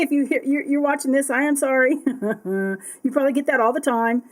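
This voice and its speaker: A bubbly, excitable woman chatting casually as she unboxes art supplies, often apologizing. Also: sits high, fairly quick, rough recording. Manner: reads product text aloud.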